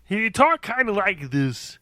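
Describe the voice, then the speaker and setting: Guy hosting a podcast, loud stories, bright voice, dry room. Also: high-pitched, big pitch swings, a little slow, no room sound. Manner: rowdy storytelling with laughs. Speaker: podcast host. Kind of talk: casual chat.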